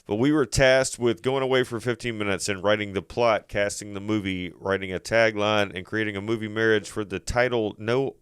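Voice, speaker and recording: Male podcast host, smooth clean voice, dry close sound, rambling chat. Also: lowish voice, steady tone, moderate pace, few pauses, no room sound. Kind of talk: casual comedy podcast chat.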